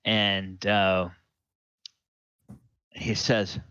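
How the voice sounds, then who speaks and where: A man with a low voice runs a tabletop game, narrating slowly and rambling with plenty of fillers. The recording is lo-fi and dry. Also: a bit bright, no room sound. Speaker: dungeon master.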